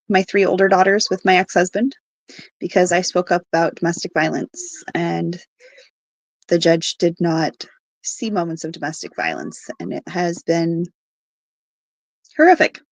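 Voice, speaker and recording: A woman in her thirties telling her own family story on a podcast, halting often with fillers and quoting what people said. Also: lowish voice, no echo. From Alaska. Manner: halting, with fillers and quoted dialogue. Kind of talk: personal story told on a podcast.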